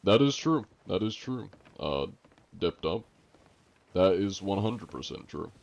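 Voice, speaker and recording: A young adult man streaming a game live, chatting casually with viewers in a relaxed, rambling way full of fillers. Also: low voice, unhurried, vocal fry, highs cut off. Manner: relaxed and rambling, lots of "like" and fillers, joking with chat. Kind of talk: casual live-stream chat while gaming.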